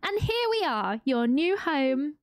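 A woman's voice: high voice, big pitch swings, takes it slowly, full character voice. A woman voicing a friendly, practical female carpenter who welcomes a newcomer in a farming game. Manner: welcoming, matter-of-fact.

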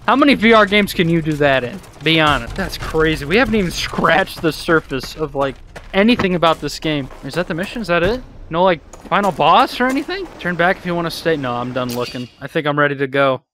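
A man commentating his VR gameplay, excitable and profane, trash-talking enemies as he plays. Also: a little high, a little fast, slight background noise. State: out of breath at times. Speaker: gaming video host.

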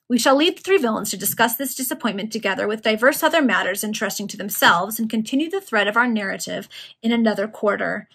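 A woman's voice: a little high, fast talker, vocal fry, a bit bright, breathy edge. A woman casually reading a Victorian novel aloud, unpolished, to a group of friends. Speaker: reader.

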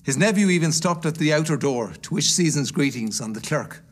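A man's voice: a little high, animated. Man reading a classic aloud. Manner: warm, measured storytelling. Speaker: guest reader. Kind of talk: storybook read-aloud.

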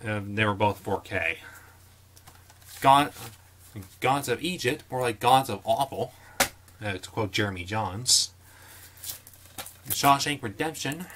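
A young man casually talking through his movie collection, with jokey asides and quick opinions. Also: on the low side, background noise. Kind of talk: casual vlog commentary.

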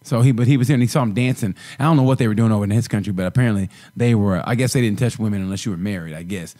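A man's voice: on the low side, very fast, dark tone. A man co-hosting a comedy podcast in casual chat, telling rambling stories full of restarts and acted-out quotes. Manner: rambling storyteller who acts out voices in quotes; restarts and stammers often. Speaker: podcast co-host.

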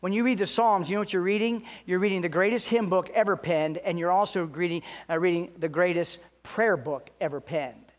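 A pastor preaching a sermon, earnest, slowing down and lifting his voice to stress key points. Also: high voice. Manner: earnest preaching, slows and rises for emphasis.

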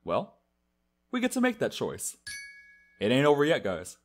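A man's voice: medium pitch, huge pitch swings, a little slow, a little mellow, soft background music. A man casually commenting on a game he is playing, chatty and self-mocking. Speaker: let's-play narrator.

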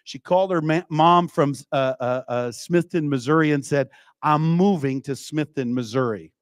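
A man's voice: on the high side, moderate pace, no room sound. A man preaching a revival sermon, telling a story with frequent call-outs to the congregation. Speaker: evangelist preacher. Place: church.

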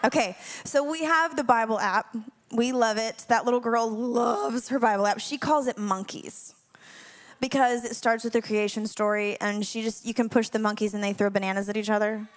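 Higher-voiced young woman, laughing, candid. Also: fairly even intonation. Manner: chatty and candid, laughing often; hushed and slow in prayer. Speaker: worship leader speaking to a congregation. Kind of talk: spoken prayer and personal story.

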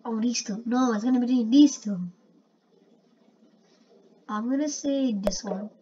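Excitable woman. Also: on the high side, measured pace. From India. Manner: excitable, bursts into loud exclamations. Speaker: gamer. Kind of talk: casual gameplay commentary. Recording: muffled lo-fi recording with faint hiss.

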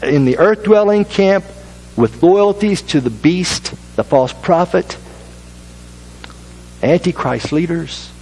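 A man preaching a sermon as pastor, repeating phrases for effect and dropping to a low hush at solemn lines. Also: lively intonation, slow, pauses often, breathy edge, faint music behind, low-quality recording.

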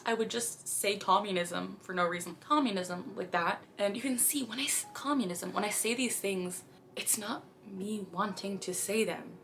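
A woman's voice: mid-range voice, moderate pace, a bit bright, soft background music. Chatty young Canadian woman vlogging. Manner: chatty, bursts of sudden blurted phrases. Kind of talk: casual vlog talk to camera.

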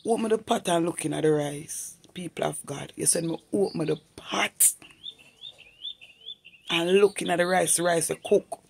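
A man giving an earnest personal testimony, repeating himself and bursting into loud emphatic exclamations. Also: fairly high pitch, moderate pace, gravelly, slight background noise. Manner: earnest, repetitive storytelling in creole-inflected English. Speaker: vlogger.

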